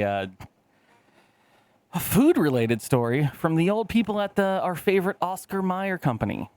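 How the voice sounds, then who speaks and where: A man's voice: medium pitch, clean tone, no echo. Thirtysomething male co-host, loose profane storyteller who acts out quotes. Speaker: podcast co-host. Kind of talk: casual podcast chat.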